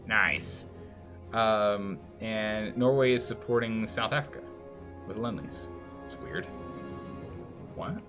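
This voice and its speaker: A man's voice: lowish voice, takes it slowly, long pauses, over music. A man streaming a strategy game and commenting live, thinking aloud and scolding the game's nations in mock outrage.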